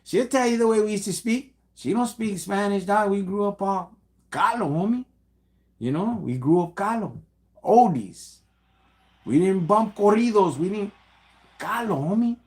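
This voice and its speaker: A man's voice: high-pitched, animated, measured pace. A middle-aged man with a Chicano English accent talks on a casual livestream, greeting viewers in laid-back street slang. He calls everyone "homie" and "dog" and drops Spanish words into his English. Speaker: livestream host. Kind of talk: casual livestream shout-outs and talk.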